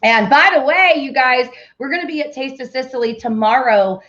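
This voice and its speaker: A woman's voice: sits high, normal speed, fairly bright tone, muffled recording. A woman hosting a casual live morning show, chatty and upbeat, talking straight to her viewers. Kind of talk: casual live-stream chat.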